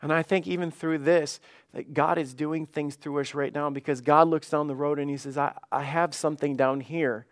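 A man's voice: on the high side, little pitch movement, moderate pace. A man, a pastor, preaching a fervent sermon with emphatic repetitions.

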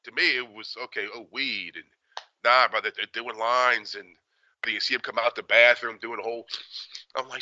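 Podcast co-host, man in his 40s, very bright voice, swears freely, dry close mic. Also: mid-range voice, moderate pace, no room sound, muffled recording. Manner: profane, animated storytelling. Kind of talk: casual chat.

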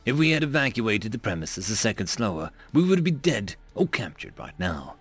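Man reading a story, super animated, dry close mic, soft music under. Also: lowish voice, moderate pace, breathy edge, no echo. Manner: expressive, dramatic reading. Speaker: narrator. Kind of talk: scripted story narration.

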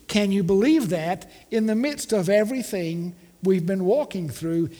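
A male pastor delivers a Christmas sermon in an unhurried, deliberate rhythm. His voice sits high and rings out in a church sanctuary with a long reverb tail. He builds with rhetorical questions and draws the congregation into repeating lines with him. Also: warm tone. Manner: rhetorical questions, leads congregation call-and-response.

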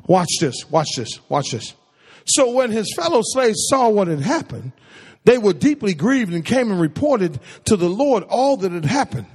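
A man's voice: high voice, big pitch swings, moderate pace, darkish tone, breathy edge. A man preaching a sermon in a church sanctuary, using call-and-response and repeating phrases for emphasis. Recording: echoey hall with long reverb.

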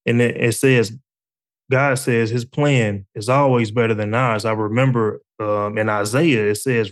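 A man's voice: medium pitch, moderate pace. A man hosting a casual faith talk, reflective and conversational, with frequent fillers. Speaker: faith podcast host.

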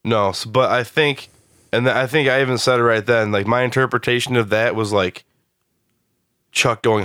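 A man co-hosting a podcast, relaxed and casual, laying out his own theories about a TV show. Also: medium pitch, moderate pace, smooth, no room sound, studio quality. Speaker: podcast co-host. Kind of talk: casual chat discussing a TV show.

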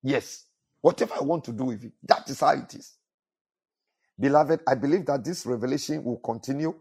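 A man's voice: medium pitch, a little fast, gravelly, a little mellow, slightly rough. A male pastor preaching a sermon, repeating phrases and asking the congregation to fill in words. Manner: repetitive preaching with call-and-response questions to the congregation.

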